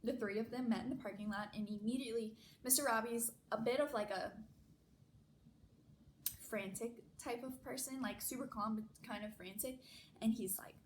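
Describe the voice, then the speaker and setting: A woman's voice: on the high side, normal speed, slight background noise, rough recording. Chatty young woman telling a story. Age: young adult. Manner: chatty, many "like" fillers, animated retelling. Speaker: vlogger. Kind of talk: casual storytime vlog.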